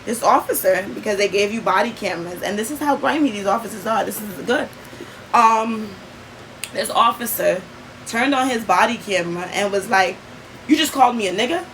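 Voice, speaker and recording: A woman's voice: medium pitch, normal speed, fairly bright tone, a little hiss or hum, rough recording. Earnest young woman telling a story. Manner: earnest, emphatic, frequent fillers. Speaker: vlogger. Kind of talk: casual personal storytelling.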